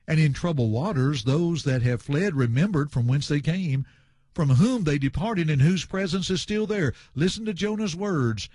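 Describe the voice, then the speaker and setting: Lively, higher-voiced man preaching. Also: moderate pace, dry recording, clean studio sound. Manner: animated, emphatic, repeats refrains; addresses listeners as friends. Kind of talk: expository sermon on scripture.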